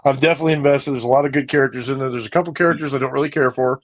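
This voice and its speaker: A podcast co-host rambles in casual chat, repeating his phrases often. He has a mid-range voice with fairly even intonation and speaks very fast.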